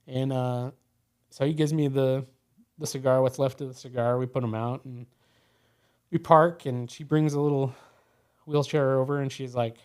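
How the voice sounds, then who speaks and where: A man's voice: medium pitch, fairly even intonation, normal speed, pauses often, a little mellow, smooth. Guy on a podcast telling a story, rambly, lots of you know's, middle of the road voice. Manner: rambling, full of "you know" and "like". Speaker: podcast guest. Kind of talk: casual storytelling.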